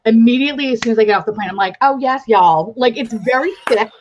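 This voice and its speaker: A woman's voice: on the high side, rapid-fire, darkish tone, slight background noise. A woman hosting a casual livestream chat, giggly and self-mocking, with some swearing, heard over a video call. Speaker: livestream host. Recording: dull lo-fi stream audio.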